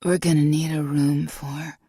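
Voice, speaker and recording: A woman doing a rough-voiced undercover floozy. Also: deep voice, flat delivery, a little slow, mellow, no room sound, studio quality, heavily acted. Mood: sultry. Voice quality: rough, smoky rasp.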